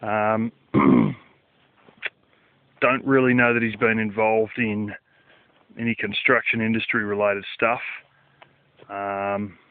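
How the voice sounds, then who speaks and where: A man's voice: mid-range voice, clear, resonant tone, dry recording. Man, casual rambling vlog, swears offhand, narrow tinny sound, dry close recording. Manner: loose, swears casually, many fillers. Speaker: vlogger. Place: outdoors at night.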